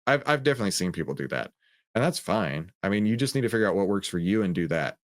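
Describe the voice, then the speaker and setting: A man's voice: sits low, animated, quick pace. A man hosting a trading livestream, reading chat questions and coaching viewers in an upbeat, conversational way.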